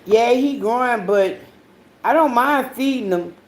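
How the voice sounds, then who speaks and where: A woman hosting her own podcast, telling rambling, profanity-heavy stories in a casual monologue, swinging between loud outbursts and low mutters. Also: animated, unhurried. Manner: profane, rambling storytelling with frequent swearing. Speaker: podcast host.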